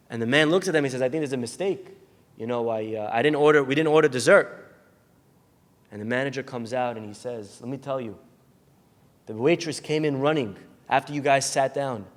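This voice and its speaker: A man, a rabbi, giving a sermon full of storytelling, acting out the people in his stories and raising his voice in bursts. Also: mid-range voice. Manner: animated storyteller acting out characters, shouting in bursts. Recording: long hall reverb.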